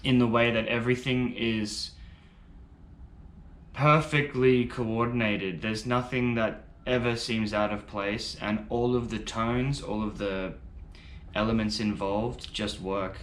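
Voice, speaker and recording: A man's voice: fairly low pitch, steady tone, slow pace, a bit bright, echoey room, a little hiss or hum. A man giving casual, enthusiastic first-reaction commentary on music, rambling a little and swearing now and then. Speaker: music reaction video host.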